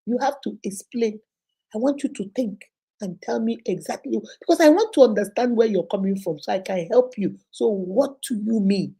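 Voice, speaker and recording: A woman's voice: mid-range voice, moderate pace, mellow, husky. A Nigerian woman, a relationship counselor and host, telling a story and probing by repeating a person's words back in long lists. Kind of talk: storytelling advice talk.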